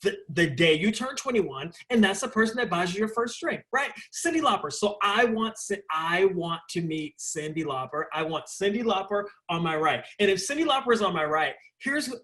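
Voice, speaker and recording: Lively high-voiced man chatting casually. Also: normal speed, few pauses. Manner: animated, rambling, lots of fillers like "like". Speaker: interview guest, stage performer. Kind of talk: casual conversational interview.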